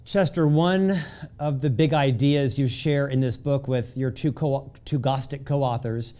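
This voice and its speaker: A man hosting an interview, asking thoughtful, measured questions. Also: mid-range voice, fairly even intonation, mellow, clear, resonant tone. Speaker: interview host.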